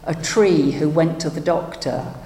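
A woman minister gently telling a story for all ages during a service, with some hesitation. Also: low-pitched, unhurried. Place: worship hall. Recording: echoey hall, faint ambience.

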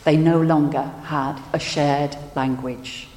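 Woman minister, lowish voice, slow gentle storytelling, big echoey church hall. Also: steady tone. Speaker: minister leading worship. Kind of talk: sermon and prayer. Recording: echoey hall with long reverb.

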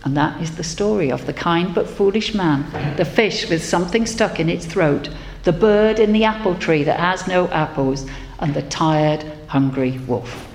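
A woman telling a folk tale to a group in a large hall, gentle with wry asides. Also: fairly low pitch, lively intonation, normal speed, vocal fry. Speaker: storyteller. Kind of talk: storytelling to an audience. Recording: echoey hall, faint noise.

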